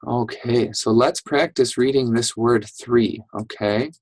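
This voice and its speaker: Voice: mid-range voice, slow, a little mellow, low-quality recording. A teacher giving a reading lesson to young children, patient and encouraging, checking in often. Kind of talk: online reading lesson for first graders.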